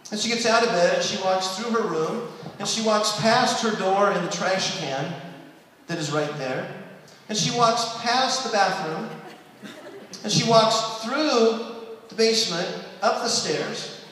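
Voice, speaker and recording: A man doing a stand-up routine, telling a long family story and dropping to a soft hush for quoted lines. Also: high voice, a little slow, a little hiss or hum. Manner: storytelling, drops to a soft hush for quoted prayers and bedtime talk. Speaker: stand-up comedian. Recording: echoey hall from far off.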